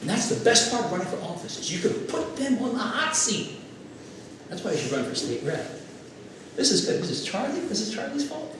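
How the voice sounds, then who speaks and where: Man, political stump speech, high lively voice, echoey room, distant camera with background noise. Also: a little fast. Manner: animated storyteller, acts out quotes. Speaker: political candidate. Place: former classroom at a local meeting. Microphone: far camera.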